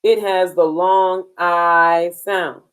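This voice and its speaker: A woman teaching a beginners' phonics lesson, slow and deliberate, drilling sounds and spelling words letter by letter. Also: lowish voice, steady tone, clear, resonant tone, rough recording.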